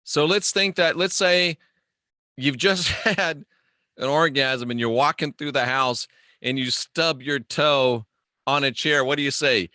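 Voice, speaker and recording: Guy rambling and cracking jokes on a live stream, bright tone, dry close sound. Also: medium pitch, measured pace, no echo. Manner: rambling and joking, answering viewer comments. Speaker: host. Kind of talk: casual livestream monologue.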